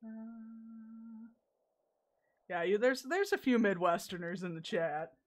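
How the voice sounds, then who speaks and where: A woman's voice: a little high, lively intonation, slow. A young woman from the American South chatting casually with her stream chat while playing a game, laughing often and swearing freely. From Southern United States.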